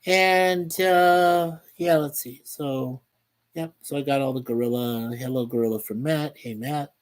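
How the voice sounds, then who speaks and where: A man chatting on a live stream in an upbeat, wandering way. He reads out viewers' messages and is easily delighted by them. His voice sits at a middle pitch. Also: a little slow. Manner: rambling, reads chat messages aloud. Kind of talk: casual live stream chat.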